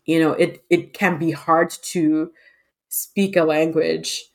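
A woman hosting a podcast, talking in a chatty, expressive way with frequent fillers. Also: low-pitched, slow pace. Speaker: podcast host. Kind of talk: casual conversation.

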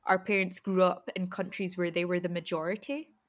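A woman hosting a casual interview, asking relaxed, friendly questions and laughing lightly. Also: fairly low pitch, brisk. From Scotland. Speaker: host.

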